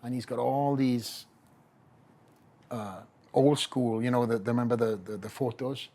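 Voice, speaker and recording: A man's voice: mid-range voice, a little slow. Welsh guy, middle-aged, pro bodybuilder telling a story on a podcast, does all the voices. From Wales. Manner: animated storyteller who acts out quoted voices.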